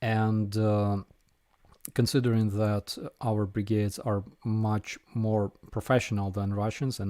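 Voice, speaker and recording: A man with a Ukrainian accent hosting a casual live Q&A, answering viewer questions in an unhurried way with frequent ums and dry jokes. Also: on the low side, mellow, no room sound. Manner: unhurried, frequent ums and uhs, dryly joking.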